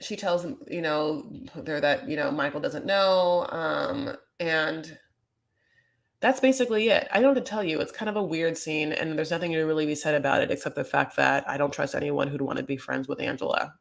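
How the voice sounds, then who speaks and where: A woman with a slightly low voice riffs through a reality TV recap in a loose, gossipy ramble. She talks casually and fills her sentences with "like" and "you know" as she goes. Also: normal speed, gravelly.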